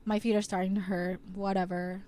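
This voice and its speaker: A woman's voice: medium pitch, flat delivery, a little fast, warm tone. A young woman co-hosting a podcast, telling a date story in casual chat, acting out quotes, swearing and laughing often. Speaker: podcast co-host.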